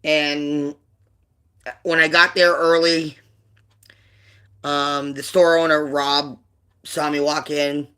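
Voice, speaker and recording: A man hosting a livestream, telling a personal story in a rambling, halting way with many fillers, subdued and emotional over painful memories. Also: a little high, flat delivery, sharp tone, smooth. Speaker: livestream host.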